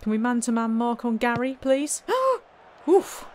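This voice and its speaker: A woman's voice: a little high, level tone, a little slow, a little hiss or hum. A woman commentating on her own gameplay in a wry, chatty way, full of exasperated asides. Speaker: let's play host.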